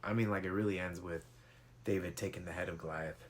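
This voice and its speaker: A man's voice: sits low, steady tone, fast, slight background noise. A man retelling a Bible story in a laid-back, slangy, casual way with lots of fillers.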